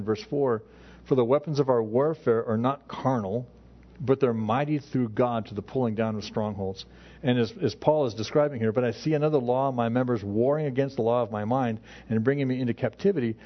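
A middle-aged pastor preaches in a mid-pitched, conversational voice, often restarting phrases as he works through scripture. The recording is dull and lo-fi.

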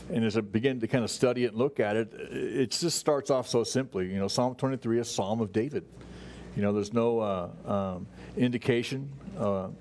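In a church sanctuary, a pastor preaches a sermon in a conversational manner, full of fillers and restarts. His voice is lowish and a little mellow, with a slight hiss or hum on the recording.

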